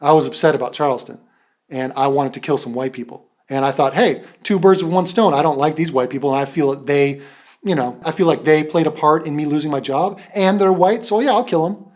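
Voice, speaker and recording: A man doing a flat, deep-voiced ghostly killer. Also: brisk, close to an everyday voice. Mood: matter-of-fact. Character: ghost of a vengeful adult male killer.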